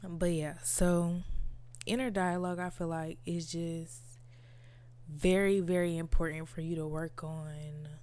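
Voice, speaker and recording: A woman's voice: lowish voice, little pitch movement, a little slow, a little mellow. A woman podcast host talking casually and candidly about her inner life, with lots of "like" and "you know". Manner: reflective, candid, many fillers like "like" and "you know". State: tearful at times. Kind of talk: casual personal monologue.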